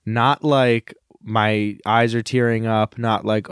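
A man co-hosts a casual comedy podcast, talking earnestly and rambling before drifting into grand speeches for laughs. His fairly low voice is clear and resonant, with fairly even intonation and a slow pace. The recording is dry and studio quality.

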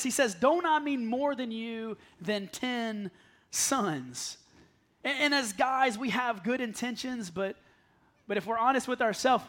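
High-voiced pastor preaching with humor. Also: male voice. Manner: lively storytelling with self-deprecating humor; acts out quoted voices, dropping to soft pleading. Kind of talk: sermon. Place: church sanctuary with congregation.

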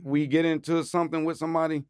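Dry-sounding man telling animated stories. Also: a little high, quick pace, smooth, no room sound. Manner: animated, acts out voices in anecdotes, laughs often. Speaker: storyteller guest. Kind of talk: casual storytelling chat.

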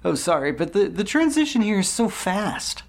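A man co-hosting a casual podcast drops wry remarks and laughs often at his partner's story. His voice sits high with big pitch swings, a creaky quality, and a normal speed.

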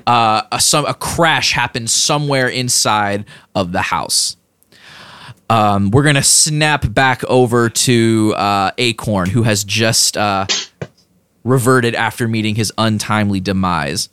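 Casting: deep-voiced male game master, loose and rambling, dry close sound. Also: slow, fairly bright tone, clean tone, dry recording. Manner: rambling, many fillers and restarts. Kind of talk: narrating a tabletop game.

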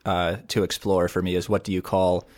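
A man co-hosting a podcast, explaining episode events in a steady, thoughtful, casual way. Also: low-pitched, normal speed. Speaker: podcast co-host. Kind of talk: casual episode recap chat.

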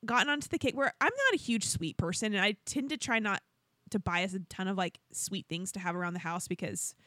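Podcast co-host: young woman, bright, crisp tone, lively storyteller who acts out quotes, close and dry. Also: medium pitch, fairly quick, dry recording. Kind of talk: casual chat. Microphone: podcast studio microphone.

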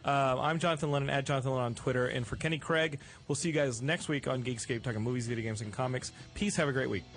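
A man hosting a podcast in casual, joking chat, talking in an animated way with plenty of fillers. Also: medium pitch, quick pace, over music. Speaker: podcast host.

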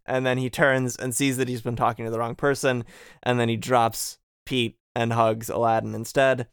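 A man's voice: mid-range voice, level tone, normal speed, clean tone. A young man co-hosting a podcast, recapping a game in a playful, jokey way. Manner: playful, jokey, fond of doing voices. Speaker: podcast co-host. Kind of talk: casual chat recapping a game.

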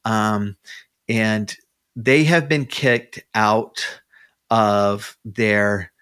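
A man's voice: fairly low pitch, fairly even intonation, very slow, fairly bright tone, clean tone. Rambling man retelling a game story. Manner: rambling storyteller with many restarts and fillers. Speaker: podcast guest. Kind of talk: casual chat.

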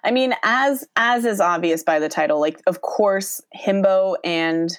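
A woman's voice: medium pitch, unhurried, no echo. A woman casually recapping a movie, acting out the characters' lines and laughing often. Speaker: podcast co-host recapping a movie. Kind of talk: casual chat.

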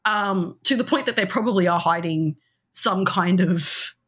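A woman's voice: medium pitch, unhurried, a bit bright. A woman co-hosting a podcast, chatting casually with lots of giggles and fillers. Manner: giggly, rambling with many fillers. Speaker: podcast co-host. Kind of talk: casual chat.

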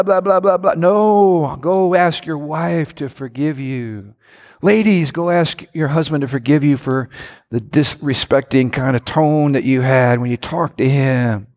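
A man preaching a sermon as a pastor, animated, with sudden shouts and playful impressions. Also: medium pitch. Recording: long church hall reverb.

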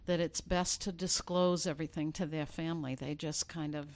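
A woman, an attorney guest, explaining legal processes in a measured way with frequent ums. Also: deep voice, fairly even intonation. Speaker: elder law attorney guest. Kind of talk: interview answers.

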